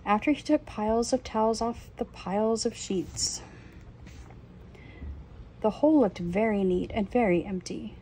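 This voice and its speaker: Gentle woman reading a picture book. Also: medium pitch, a little slow, pauses often, slight background noise, rough recording. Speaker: reader.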